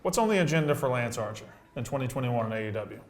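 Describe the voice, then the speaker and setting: A man's voice: medium pitch, animated, fast, slight background noise. A man in his thirties hosting a podcast interview, asking questions like an eager fan. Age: 30s. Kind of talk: casual interview chat.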